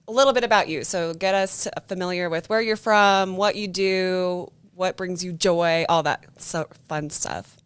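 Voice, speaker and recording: A woman co-hosting a podcast in casual chat, laughing often and talking in an animated way. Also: fairly low pitch, a little slow, clean tone. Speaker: podcast co-host.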